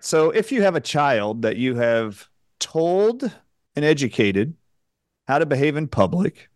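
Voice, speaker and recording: A man's voice: medium pitch, no echo. Man telling stories, dry close sound. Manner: animated anecdote-teller who acts out quotes; joking, outspoken. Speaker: radio show host. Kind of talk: storytelling on a radio talk show.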